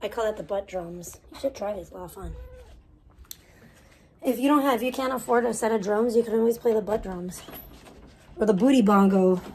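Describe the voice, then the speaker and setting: A woman's voice: mid-range voice, a little fast, pauses often, mellow, a little hiss or hum. A woman live-streaming outdoors from her phone while tanning, chatting casually with rambling, crude jokes and muttering to herself.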